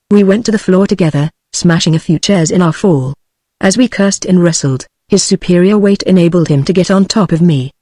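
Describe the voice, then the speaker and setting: A text-to-speech woman's voice with a British English accent, reading a book aloud in an even, synthetic manner. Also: on the low side, no room sound, studio quality. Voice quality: synthetic, evenly paced. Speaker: audiobook narrator.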